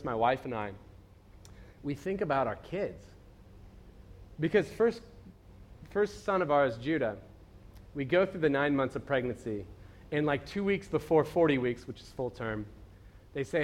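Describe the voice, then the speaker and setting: A man's voice: a little high, expressive, moderate pace, long pauses. A young adult man preaching in a casual, storytelling way, full of fillers and asides. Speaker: pastor. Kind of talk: conversational sermon.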